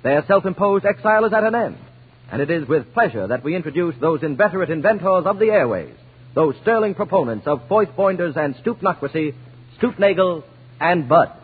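Measured, ornate male announcer, high-ish and breathy, on a vintage radio broadcast. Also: sing-song. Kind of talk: formal 1930s radio announcing. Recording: tinny old broadcast in a long reverberant studio.

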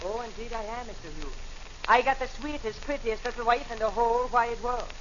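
A man's voice: very high-pitched, brisk, slight background noise. A man voicing a stubborn long-haired crank who hates barbers, in a stage brogue that says "me" for "my", blustering into indignant outbursts in a 1940s radio comedy sketch. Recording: dull lo-fi old radio broadcast.

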